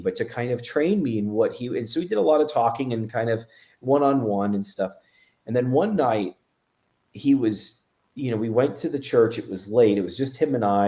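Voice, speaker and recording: A man's voice: medium pitch, dark tone. A man, a medium guest, telling a story in a casual interview, rambling with many fillers and restarts.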